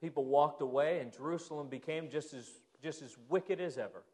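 A man preaching a sermon as a pastor, moving from loud emphatic bursts to hushed, quiet lines. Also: fairly high pitch, brisk. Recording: long hall reverb.

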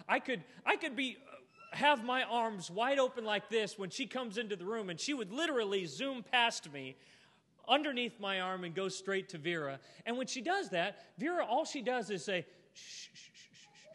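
A man preaching a sermon to a church congregation, earnest and heartfelt, ending in a gentle invitation. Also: high-pitched, lively intonation, moderate pace. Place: church auditorium. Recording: long hall reverb.

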